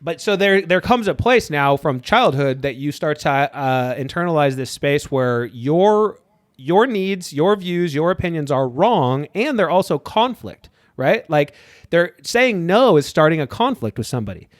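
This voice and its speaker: A man's voice: fairly high pitch, very animated, unhurried, no echo, studio quality. A man on a podcast, a therapist talking casually and animatedly, slipping into voices of people he quotes and swearing now and then. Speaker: therapist guest.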